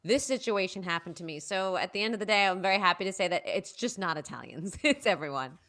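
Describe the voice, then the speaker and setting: A young woman chats as an interview guest, her voice bright and forward. She tells family stories with a lively, animated delivery, jumping into the voices of her relatives and laughing as she goes. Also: on the low side, fast. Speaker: playwright and performer, guest. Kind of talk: casual interview chat.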